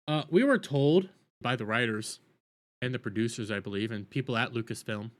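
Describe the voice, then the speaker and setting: A man recapping a TV episode in an animated, exasperated rant, often stumbling and restarting his sentences. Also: on the high side. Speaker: TV show reviewer.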